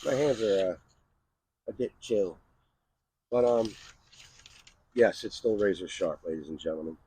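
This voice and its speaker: A man's voice: on the low side, a little slow, dark tone, slightly rough, low-quality recording. A middle-aged man from the USA hosting a casual knife review vlog outdoors, chatty and rambling, often tossing in "right?" and "all right". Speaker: knife channel host. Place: outdoors in the cold.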